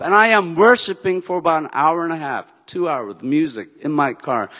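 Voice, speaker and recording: A man preaching, telling a personal story in an animated way, swinging from shouts down to soft, quiet lines. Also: high-pitched, normal speed, hardly any pauses, big-room sound. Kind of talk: sermon storytelling.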